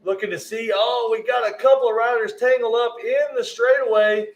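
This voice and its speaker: A man's voice: extremely high pitch, fairly even intonation, moderate pace, poor audio. A man giving live race commentary, often stumbling over rider names and correcting himself.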